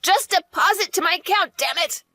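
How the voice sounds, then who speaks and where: A woman's voice: very high-pitched, moderate pace, bright, forceful tone, dry recording, faint music behind, full character voice. A woman voicing a greedy, selfish older mother-in-law who talks in a demanding, whiny way.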